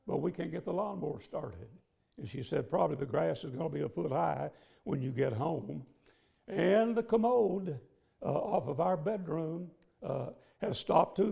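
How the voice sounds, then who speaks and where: A man in his fifties preaching a sermon in a church, telling a personal story in a folksy, conversational way with frequent pauses. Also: a little high, mellow. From southern United States. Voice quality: gravelly. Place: church sanctuary.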